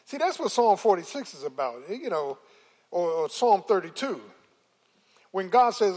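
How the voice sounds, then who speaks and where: Older woman preaching, slow and lively. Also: medium pitch. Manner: dramatic swings from hushed asides to shouted exclamations; folksy storytelling with call-and-response to the congregation. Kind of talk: sermon.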